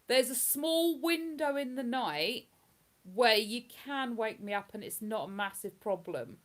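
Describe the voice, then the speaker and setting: A woman's voice: on the high side, animated, a little slow. Chatty London-area woman live-streaming. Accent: London-area English. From England. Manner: chatty, rambling, reads out viewer comments. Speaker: livestream host. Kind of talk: casual live-stream chat.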